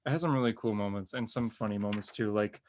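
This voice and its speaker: Rambling, excitable male podcast host. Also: lowish voice, quick pace, a little hiss or hum. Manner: rambling and excited, many "like" fillers. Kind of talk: casual comic book review chat.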